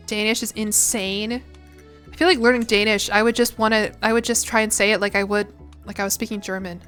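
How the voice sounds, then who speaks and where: A woman's voice: medium pitch, flat delivery, a little fast, a bit bright, clear, resonant tone, soft background music. A young woman in her twenties, chatting casually and rambling as a streamer while she plays, swearing now and then. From United States. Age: 20s. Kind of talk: casual chat while gaming.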